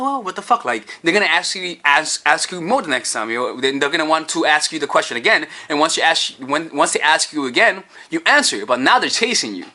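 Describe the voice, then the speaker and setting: A man talking dating tactics straight to camera, with lively swoops in pitch and a bright, forceful tone. He rambles, restarts and swears freely, and a camera-mounted mic picks him up. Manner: profane, animated, rambling. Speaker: dating coach. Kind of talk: casual advice vlog. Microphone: camera-mounted microphone.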